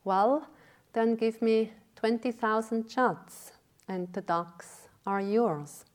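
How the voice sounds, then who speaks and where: A woman voicing a sly elderly man who sells wild ducks in a teaching story, bargaining smoothly. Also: a little high, slow.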